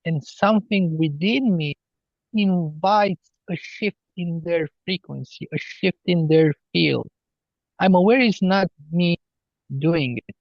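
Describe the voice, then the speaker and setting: A man talking as a healer guest on a podcast, slow and earnest as he explains spiritual ideas. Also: fairly high pitch, no echo, lo-fi sound. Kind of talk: podcast interview.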